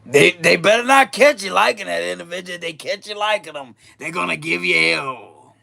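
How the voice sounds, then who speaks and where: A man giving a casual tarot reading, animated and laughing often, repeating phrases and swearing freely. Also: high voice, normal speed, creaky. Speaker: tarot reader.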